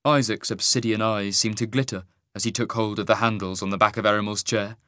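A man narrating a fantasy audiobook in a measured, wry manner. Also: fairly low pitch, steady tone, pushed and bright, dry recording, clean studio sound.

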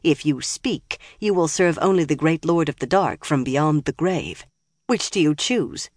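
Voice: mid-range voice, expressive, unhurried, dry recording. A narrator voicing a cruel, mocking woman sorceress who taunts her captives in oddly clipped phrasing, in a dry recording. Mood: menacing.

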